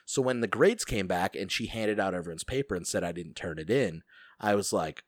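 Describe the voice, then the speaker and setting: Low-voiced man swearing through a story. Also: fairly quick, dry recording, clean studio sound. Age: adult, school friend of co-host. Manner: profane, animated storyteller. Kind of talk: casual chat.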